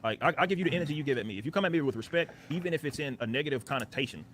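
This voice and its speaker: A man's voice: mid-range voice, lively intonation, rapid-fire, a bit bright, slight background noise. A man on a livestream, ranting heatedly with lots of profanity and repeated phrases. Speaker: streamer.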